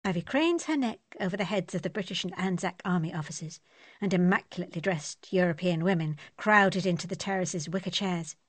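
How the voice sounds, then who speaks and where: A woman narrating an audiobook in a steady, descriptive manner. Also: fairly low pitch, brisk, no echo.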